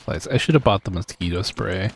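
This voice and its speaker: A deep, husky male voice talks briskly while he streams a game live. He rambles casually, pokes fun at himself, and keeps chuckling.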